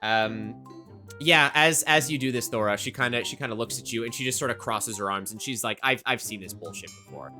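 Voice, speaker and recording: A man's voice: mid-range voice, brisk, pushed and bright, faint music behind. A man narrating as the game master of a tabletop game, talking in a loose, rambling way with many restarts.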